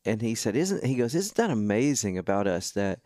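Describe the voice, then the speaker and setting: Animated male storyteller, dry close mic. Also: fairly low pitch, fairly quick, no echo. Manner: animated storyteller, acts out quoted voices. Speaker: guest musician. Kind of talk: storytelling in casual chat.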